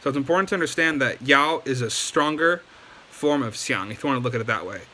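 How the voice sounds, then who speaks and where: A man's voice: medium pitch, expressive, fast, pushed and bright. Chatty man teaching casually. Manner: loose and chatty, many ums and likes. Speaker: language teacher. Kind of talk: casual video lesson.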